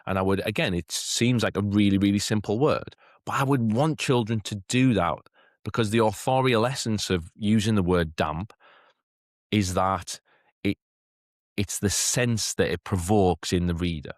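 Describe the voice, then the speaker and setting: A man giving a chatty teacher training talk, often checking in with "okay?" and lifting into a bright classroom voice to demonstrate. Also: lowish voice, normal speed, no room sound, studio quality. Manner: chatty, keeps asking "okay?".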